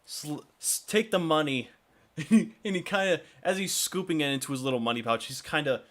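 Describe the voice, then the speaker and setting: A man runs a tabletop game as game master, his narration rising and falling in a lively way. He chuckles between lines. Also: a little high, fairly quick. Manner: chuckling, relaxed narration with voiced characters.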